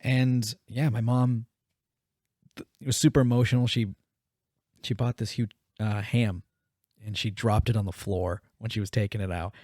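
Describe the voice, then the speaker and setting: A man's voice: on the low side, little pitch movement, moderate pace, long pauses, a little mellow, dry recording, clean studio sound. A man co-hosting a podcast, telling a story in casual, profane chat and acting out the quotes. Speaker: podcast co-host.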